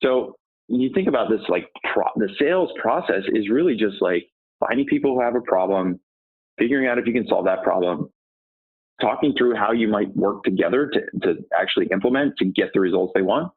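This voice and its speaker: A man talking sales on a tinny, phone-like line. He has a low, husky voice and keeps firing off rhetorical questions, then answering them himself in a coaching tone. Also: expressive, a little fast. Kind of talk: podcast interview answers.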